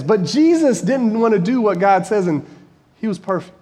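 A man's voice: high voice, lively intonation, normal speed, a little mellow. Earnest man preaching in a reverberant hall. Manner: earnest, storytelling, rising to emphatic peaks. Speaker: preacher and high school Bible teacher. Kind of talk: conversational sermon. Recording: long reverb of a large hall.

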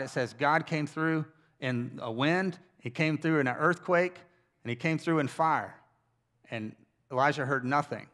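A man's voice: on the high side, a bit bright. A man who is a pastor, preaching a sermon in a conversational, storytelling way with wry asides to his church. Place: church service.

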